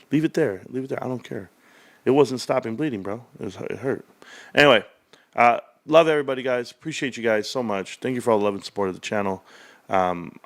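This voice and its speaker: A middle-aged man chatting casually with his livestream viewers, rambling and calling them bro. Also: medium pitch. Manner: rambling, talks to viewers as bros. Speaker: stock market YouTuber.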